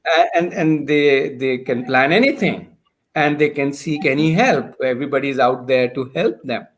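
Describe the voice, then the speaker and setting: A man, a founder in a relaxed conversation, explaining his ideas patiently with examples and frequent restarts. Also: medium pitch, normal speed. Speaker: founder of a learning community, guest. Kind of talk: casual conversation.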